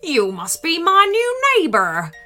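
A jolly bearded pirate captain booms out his words with a big, full-chested heartiness, as a woman puts him on. His voice swings lively and animated, bright and forceful, pitched a touch high for a grown man. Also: a little slow, soft background music, exaggerated voice. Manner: booming, hearty seafaring talk.

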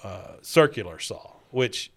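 Bright-voiced man recapping a cartoon episode. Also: lowish voice, animated, takes it slowly. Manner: rambling, filler-heavy retelling. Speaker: podcast co-host.

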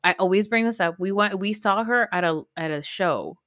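A woman's voice: mid-range voice, normal speed, a bit bright, dry recording, studio quality. A woman in her thirties co-hosting a casual pop-culture gossip podcast, talking frankly and rambling, swearing freely. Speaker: podcast co-host.

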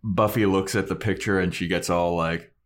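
A man's voice: deep voice, moderate pace. A man hosting a podcast, casually and animatedly recapping an episode. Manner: animated storyteller. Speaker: podcast host. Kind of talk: casual chat recapping a show.

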